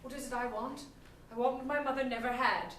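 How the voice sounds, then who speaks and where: A woman's voice: sits high, steady tone, a bit bright, a little hiss or hum. A woman playing an ambitious, commanding expedition leader in a live stage improv scene. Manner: commanding, brisk, grand. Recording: echoey theatre, far from mic.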